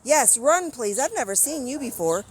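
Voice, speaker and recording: A woman's voice: lively intonation, normal speed, slight background noise. An American woman vlogging casually while walking her pets outdoors, chatting to viewers and coaxing animals. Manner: chatty, coaxing animals in a high sing-song voice. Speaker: pet vlogger. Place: outdoors in a neighborhood.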